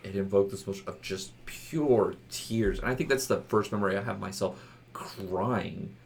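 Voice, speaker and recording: Low-voiced rambling male podcast host. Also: moderate pace, creaky, a little hiss or hum. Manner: rambling, laughs often, many restarts. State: voice a bit rough from a loud night out. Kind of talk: casual chat.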